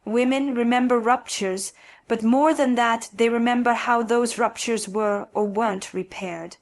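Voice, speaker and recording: A woman calmly narrating scripted relationship advice in a slow, soft, intimate way. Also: a little high.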